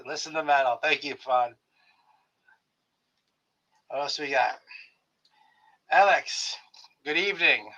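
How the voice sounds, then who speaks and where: A man's voice: a little high, sharp tone. A man hosting his own live stream, chatting casually and greeting viewers by name with friendly jokes. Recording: slightly dull lo-fi stream audio.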